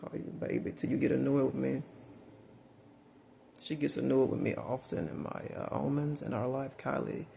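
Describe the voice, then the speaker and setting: In a rambling personal monologue, a middle-aged Southern man with a drawl talks frankly and profanely, using many fillers and restarts. His mid-range voice is heavily gravelly yet lively in its ups and downs, and he speaks at a normal pace over a faint background hiss.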